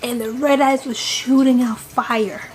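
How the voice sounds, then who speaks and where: A woman's voice: on the high side, fairly even intonation, measured pace. Emphatic woman telling a scary story. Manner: dramatic, emphatic retelling with swearing. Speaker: vlogger. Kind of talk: storytime vlog.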